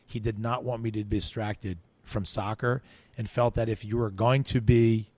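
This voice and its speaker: Animated man telling a story. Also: on the low side, moderate pace, dry recording. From United States. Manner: animated storyteller, acts out quoted voices, frequent restarts. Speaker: interview guest. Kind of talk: storytelling in an interview.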